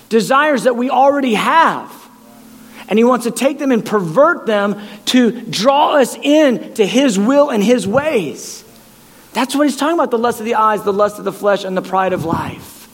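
A male preacher delivers an impassioned sermon, often doubling back and stammering on words as he presses his point. His voice sits fairly high for a man, and a long hall reverb trails after each phrase.

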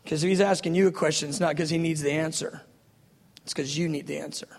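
A male preacher tells a story, laughing and mocking himself as he swings from loud bursts to soft, hushed lines. His voice sits fairly high with a gravelly edge. It echoes through a long hall reverb. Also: fairly even intonation, quick pace. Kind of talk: storytelling sermon.

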